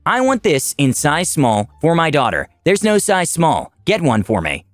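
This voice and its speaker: A man putting on a shrill, scolding Karen. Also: huge pitch swings, a little slow, no echo. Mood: indignant. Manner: indignant, scolding. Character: irate entitled woman shopper demanding service.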